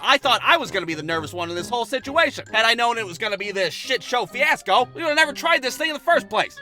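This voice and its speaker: A man narrating comedic animated stories with profane, exaggerated comic delivery. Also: very high-pitched. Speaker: storyteller.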